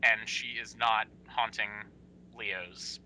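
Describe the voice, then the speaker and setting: A young man co-hosting a podcast in casual chat, animated and full of fillers. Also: takes it slowly, poor audio. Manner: animated, lively, with many fillers and sudden pitch jumps. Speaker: podcast co-host.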